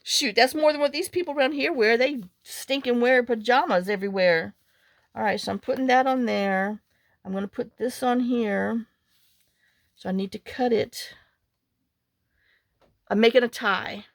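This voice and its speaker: A woman vlogger chats while making a journal, drifting through stories and talking to herself as she works. Her slightly high voice is creaky, at a moderate pace with long pauses, in a dry recording with clean studio sound.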